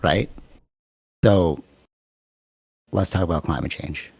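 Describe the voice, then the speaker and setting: A man co-hosting a podcast in casual chat, talking quickly and animatedly, rambling from thought to thought over a video call. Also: low voice, darkish tone, slightly rough, no room sound, clean studio sound. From Canada. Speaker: podcast co-host.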